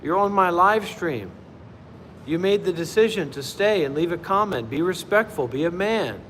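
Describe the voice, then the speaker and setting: High-voiced chatty meditation teacher, man. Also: animated, normal speed, fairly bright tone, long reverb tail, slight background noise, poor audio. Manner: chatty, rambling, with many fillers. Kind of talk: casual livestream talk.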